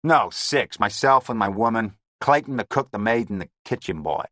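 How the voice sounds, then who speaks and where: A man's voice: lowish voice, animated, normal speed, a bit bright, no echo, clean studio sound, voice pushed up. A man voicing a surly, bullying gangster boss who snarls his curt, contemptuous lines. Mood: snarling.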